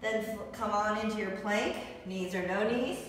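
A woman's voice: mid-range voice, normal speed. A woman leading a yoga class, calling out short rhythmic pose cues in an encouraging way. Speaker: yoga instructor. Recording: distant echoey hall with faint music.

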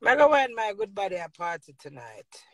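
A woman's voice: medium pitch, sing-song, fairly quick, a bit bright, no echo. A middle-aged woman from Jamaica with a Jamaican accent, ranting boisterously to her viewers in patois and laughing often. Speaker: vlogger. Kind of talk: casual rambling rant to viewers.

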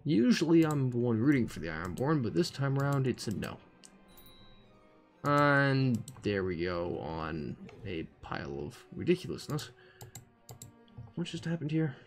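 A man's voice: mid-range voice, big pitch swings, unhurried. A man giving casual, profane commentary while playing a strategy game, thinking aloud with dry asides. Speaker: gaming commentator. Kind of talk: casual let's-play commentary.

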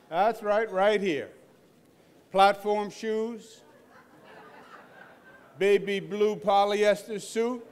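A man in his fifties with a Queens, New York accent, giving a dinner speech as governor in a large banquet hall, joking and measured. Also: high-pitched, clear, resonant tone. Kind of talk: public address at a dinner.

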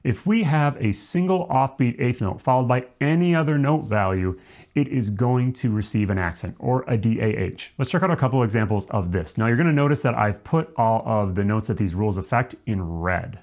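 A man with a mid-range, darkish voice teaches a music lesson in an animated, fairly quick manner. He lays out the rules step by step as instructional explanation, occasionally singing short syllables to demonstrate.

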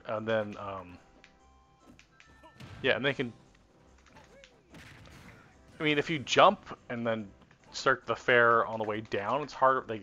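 A man with a lowish, bright, forceful voice rambles to himself as he tests game combos on a live stream, trailing off and restarting his thoughts. The audio is dull and lo-fi, with faint game music underneath. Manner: rambling, self-correcting, talks to himself while testing. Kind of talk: casual live-stream commentary while playing.

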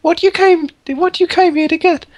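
A man's voice: fairly even intonation, moderate pace, dry recording. A man voicing a confused, imprisoned woman drifts as he reads game text. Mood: urgent, pleading. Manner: falsetto that drifts in accent. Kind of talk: reading game dialogue aloud.

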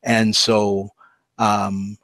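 A man telling a long story on a podcast, casual and animated, acting out the voices he quotes. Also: fairly low pitch, extremely slow, no echo. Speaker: podcast guest.

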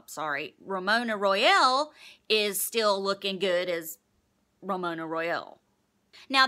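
A young woman talks her way through a TV episode recap in a loose, chatty monologue, swearing freely and acting out bits of dialogue. Her voice is bright and forward, and her pitch sits in the middle of the usual range for a woman. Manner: chatty, profane, acts out characters' lines in quotes. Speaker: podcast host recapping a TV episode.

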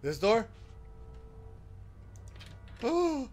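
A man giving live commentary while playing a horror game, excitable and exclaiming and swearing at the scares. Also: very high-pitched, drawn-out words, a little hiss or hum. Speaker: game streamer.

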